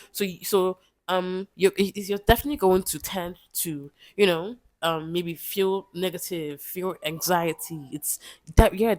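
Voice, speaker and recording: A Nigerian vlogger in her 20s gives a casual motivational talk to camera, repeating herself with pleading, emphatic encouragement. Her voice is lowish and a little mellow, with no echo.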